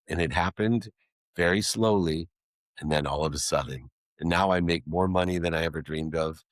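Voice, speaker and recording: A man's voice: low-pitched, normal speed, dry recording, clean studio sound. A middle-aged man, a guest in an interview, telling a personal story in an earnest, emphatic way with alliterative phrasing.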